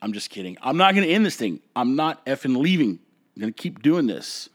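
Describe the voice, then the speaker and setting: Male podcast host, slightly higher voice, blunt and opinionated, heated rants that settle back to calm. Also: brisk. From United States. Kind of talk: solo opinion podcast rant.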